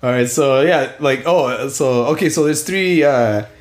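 A young Southern California man co-hosts a casual podcast, speaking a little slowly in a mid-range voice. He rambles, swears often, and laughs at himself, recorded in a small warm room with a roomy echo.

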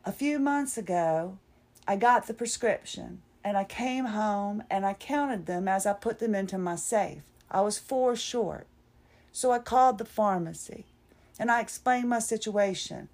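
A podcast host tells a candid, rambling personal story on her own, poking fun at herself as she goes. Her voice is medium in pitch, a little mellow, and her pace is measured.

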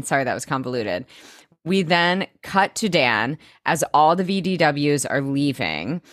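Lowish-voiced podcast gal recapping a show, cursing casually, quick asides, dry mic. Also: female voice, sing-song, no echo. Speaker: podcast co-host.

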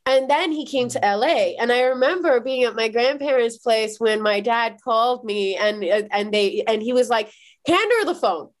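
A woman from Iran in her thirties, a podcast guest telling personal stories in a lively, quick way with many "like" fillers. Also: fairly high pitch. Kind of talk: animated personal storytelling in a podcast interview.

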